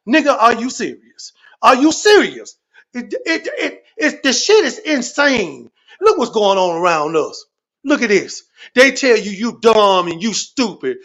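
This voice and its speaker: On a livestream, a man with an unusually high-pitched voice spins comic stories and rants. He is animated and repetitive, swearing freely in nearly every sentence as he tells his profane tales.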